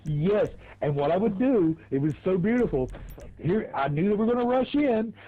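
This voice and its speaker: A man's voice: high voice, animated, normal speed, narrow, tinny audio. A man streaming a racing game, telling crude stories in a rambling, laughing way. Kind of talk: casual storytelling while gaming.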